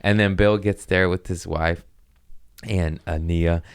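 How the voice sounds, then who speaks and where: A man's voice: low voice, steady tone, takes it slowly, smooth. A man, a comedian hosting his own podcast, telling a rambling casual story with frequent laughs and asides to his cats.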